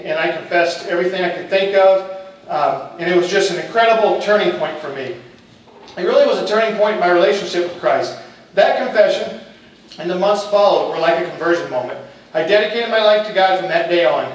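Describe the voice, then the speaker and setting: A man's voice: sits high, slight background noise. A middle-aged man, a football coach and teacher, telling his personal testimony in a candid, humorous storytelling way. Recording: echoey hall, distant mic.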